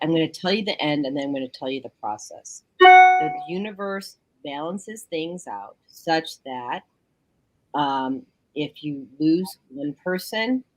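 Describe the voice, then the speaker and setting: The audio is poor but free of room sound as a woman with a low voice talks from her home bedroom. She's a guest on a call-in show, casually chatting on the radio and telling stories with energy, performing other people's quotes.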